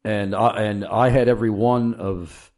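Low, slow-talking earnest man. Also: fairly even intonation, a little mellow. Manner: halting, many fillers and restarts, earnest. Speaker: guest telling his testimony. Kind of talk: casual spoken testimony.

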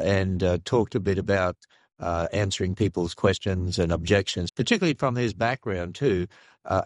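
An older man with an Australian accent, speaking earnestly and haltingly as a radio interview guest. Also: low voice, no room sound, studio quality. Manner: earnest, measured, halting with restarts. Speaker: guest, creationist ministry leader.

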